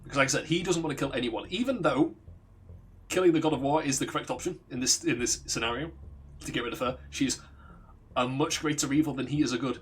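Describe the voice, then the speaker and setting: A man's voice: medium pitch, fast, husky. A young man streaming a game, casually retelling a story in a rambling way and acting out the characters' lines. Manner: rambling, chuckling, acts out quotes.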